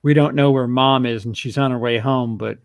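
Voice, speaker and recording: A man's voice: medium pitch, steady tone, normal speed, no echo, clean studio sound. A man co-hosting a casual film chat, making sarcastic, joking asides. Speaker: co-host.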